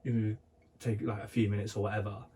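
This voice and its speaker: A young man co-hosts a casual podcast, rambling through stories full of fillers and restarts. His warm voice sits on the low side with little pitch movement, and he talks fairly quickly. He sounds far from the mic.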